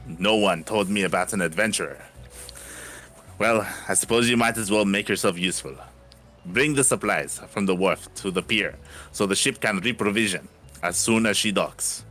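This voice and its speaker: A man's voice: fairly low pitch, moderate pace, pushed and bright. A man reading game dialogue aloud as a brusque male dock overseer, in his own plain voice.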